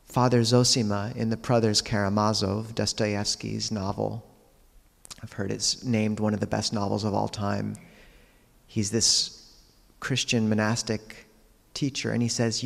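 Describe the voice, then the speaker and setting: A man, a Buddhist monk, giving a dharma talk, telling teaching stories in a calm, measured way with quiet pauses. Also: on the low side, vocal fry, long reverb tail.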